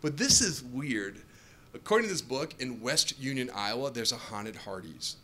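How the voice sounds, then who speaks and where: A male stand-up comedian who tells his jokes in an animated way and acts out customers and counter workers, on a comedy club stage. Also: medium pitch, normal speed. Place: comedy club stage before a laughing crowd. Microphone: handheld stage mic. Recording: live club audience laughter.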